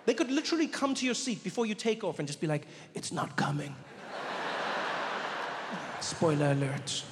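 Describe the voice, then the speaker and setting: A man doing stand-up comedy on a theater stage, telling a story with animated delivery and acting out characters. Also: high-pitched, quick pace, background noise. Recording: live hall reverb, faint ambience.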